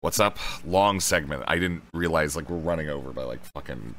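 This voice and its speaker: Male streamer, casual profane chatter to chat, bright sharp tone. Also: a bass voice, brisk, slight background noise. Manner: loose, profane, addresses chat directly. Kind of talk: casual live-stream commentary.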